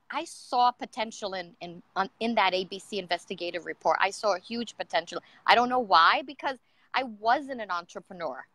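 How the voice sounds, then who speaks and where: A woman's voice: mid-range voice, a bit bright, no room sound. A middle-aged woman, a guest entrepreneur, telling her personal story in an earnest, emotional way with many fillers.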